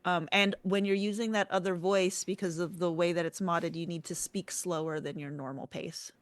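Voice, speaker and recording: A woman's voice: fairly low pitch, steady tone, moderate pace, no room sound. Dry-voiced woman player, decisive. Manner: decisive, laughs easily. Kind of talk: casual tabletop game chat.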